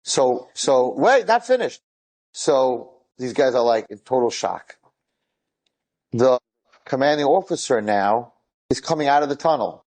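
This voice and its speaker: A man's voice: medium pitch, measured pace, pauses often, rough recording. A man retelling dramatic stories to an audience, acting out the dialogue and breaking off into asides. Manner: animated, acts out quoted dialogue, frequent asides.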